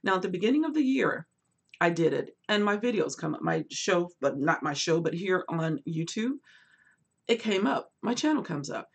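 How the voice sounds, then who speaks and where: Chatty husky-voiced woman hosting a book livestream. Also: on the low side, moderate pace. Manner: chatty, animated, reads viewer comments aloud; swings between lively bursts and quiet asides. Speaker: booktube host. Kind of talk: casual livestream chat.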